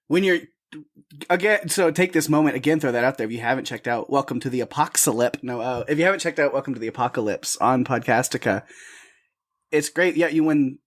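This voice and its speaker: A man's voice: mid-range voice, fairly quick. A male podcast co-host chatting casually, giggly and self-deprecating, laughing so hard he is in tears.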